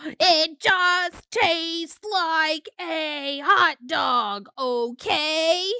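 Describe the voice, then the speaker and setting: A woman's voice: sits high, very animated, takes it slowly, pushed and bright, dry recording, studio quality, heavily acted. A woman voicing a possessive, easily exasperated male pigeon in a storybook read-aloud. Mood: grumpy. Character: greedy, fussy male pigeon.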